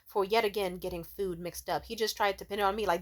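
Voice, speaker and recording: A young woman telling a story in a casual vlog rant, exasperated, swearing often and talking in an animated way. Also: mid-range voice, fast talker.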